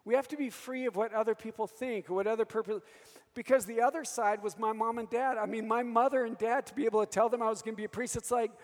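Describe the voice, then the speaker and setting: Male priest, 50s, sermon, storytelling, high pitched, long reverb. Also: steady tone, fast. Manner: storytelling, calls for "Amen?" from the audience. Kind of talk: sermon with personal stories.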